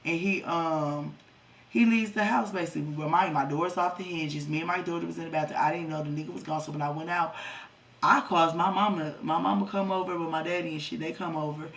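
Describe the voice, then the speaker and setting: Young woman vlogger with a gravelly, creaky voice, blunt and profane, speaking a bit off-mic. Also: low-pitched, fairly even intonation, brisk, a bit bright, distant mic. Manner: profane, blunt storytelling, talks to viewers as y'all. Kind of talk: storytime vlog.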